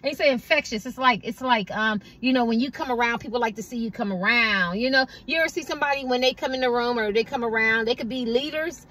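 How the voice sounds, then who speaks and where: A woman's voice: a little high, fast talker, few pauses, bright, forceful tone. A woman tarot card reader giving a casual collective reading, rambling and conversational and asking "you know what I mean" again and again.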